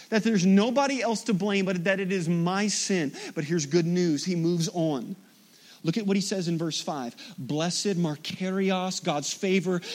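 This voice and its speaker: A man preaching a sermon, dynamic and humorous, rising to loud emphasis and dropping to quiet intensity. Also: high-pitched. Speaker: pastor.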